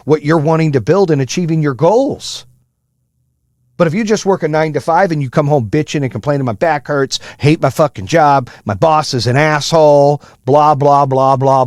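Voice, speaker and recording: A man's voice: darkish tone, no echo, studio quality. Fired-up profane motivational man. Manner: high-energy, high-strung. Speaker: podcast host. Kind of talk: motivational monologue.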